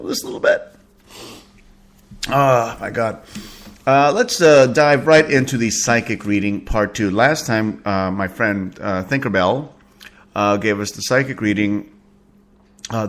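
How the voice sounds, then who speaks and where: A man's voice: on the low side, fairly bright tone. A man hosting a casual web radio show, talking in a rambling, profane way with lots of fillers. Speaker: podcast host. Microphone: home podcast setup.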